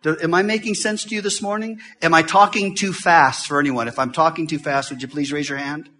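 This middle-aged man, a visiting pastor, delivers a fast-paced sermon in a church, moving from loud bursts to hushed stretches. His pitch is fairly high, with fairly even intonation.

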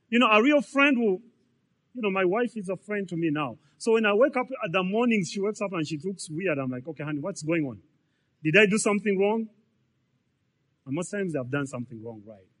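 A man's voice: high voice, a bit bright. A man, preaching a sermon in a conversational way, full of repetitions and rhetorical questions. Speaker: pastor.

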